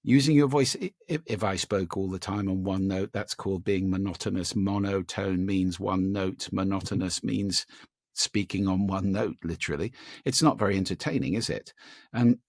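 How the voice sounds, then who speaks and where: A man with a gravelly, husky voice sits down for an interview and explains his ideas with lively, demonstrative energy. His voice sits fairly low, and the sound is dry and close. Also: normal speed, dry recording. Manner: animated, demonstrative, gives vocal examples. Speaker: guest, speaker on voice and listening.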